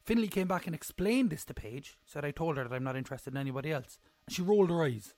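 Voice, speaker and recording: A man's voice: a little high, expressive, fast, darkish tone, no room sound. Rambling jokey young man. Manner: rambling, jokey, self-mocking. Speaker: podcast host. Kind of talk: casual solo recap chat.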